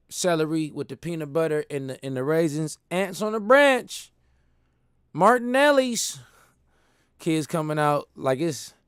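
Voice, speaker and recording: A man telling stories in a casual monologue, animated and laughing, using slang. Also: a little high, dry recording, studio quality. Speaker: host.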